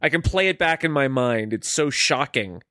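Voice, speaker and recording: Man, podcast co-host, relaxed film chat, dry recording. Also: medium pitch, normal speed, no echo. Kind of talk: casual film discussion.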